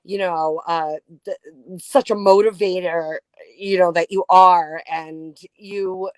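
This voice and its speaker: A woman's voice: on the low side, steady tone, slow pace, clear, resonant tone, dry recording. A woman hosting a podcast over a call, talking with many restarts and fillers in an emotional, casual way. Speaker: podcast host. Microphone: remote call.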